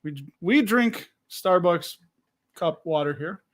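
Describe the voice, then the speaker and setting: A man hosts a casual livestream, chatty and friendly as he greets viewers by name. His voice sits fairly high, and he sounds a little out of breath. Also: animated, takes it slowly, a bit bright. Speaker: livestream host.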